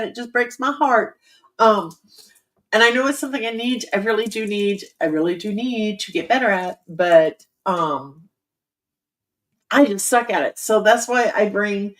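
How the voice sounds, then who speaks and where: Middle-aged woman, casual chat, candid, self-deprecating, lots of ums. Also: mid-range voice. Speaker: author hosting a writing livestream.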